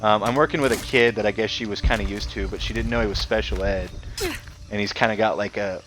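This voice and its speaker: A man's voice: on the low side, fairly even intonation, fast, over music. A young man streaming a game, venting a heated, profane story full of fillers like "like" and "I'm like". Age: young adult. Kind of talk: casual venting while gaming. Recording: noisy live stream audio.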